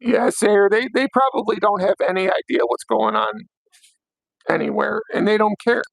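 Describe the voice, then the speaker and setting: A hoarse young man hosting a late-night livestream, ranting bluntly with plenty of swearing. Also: high voice, lively intonation, normal speed, no echo, poor audio. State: hoarse, voice worn out. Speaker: livestream host.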